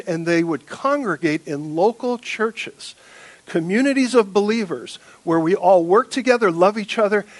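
Man preaching with lively humor. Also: sits high, no room sound. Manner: quiet solemn prayer. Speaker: pastor. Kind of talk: sermon.

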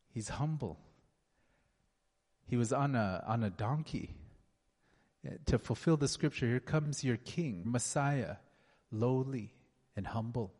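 Slow earnest male preacher in a hall. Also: mid-range voice. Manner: slow, earnest, drops to soft tones. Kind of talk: sermon with prayer. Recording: long hall reverb.

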